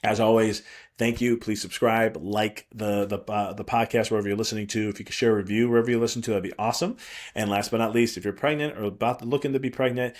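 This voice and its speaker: A man's voice: on the low side, fairly even intonation, fast. A man hosting a podcast as a prenatal chiropractor, talking in a rambling, reassuring way with frequent restarts. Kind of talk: solo podcast monologue.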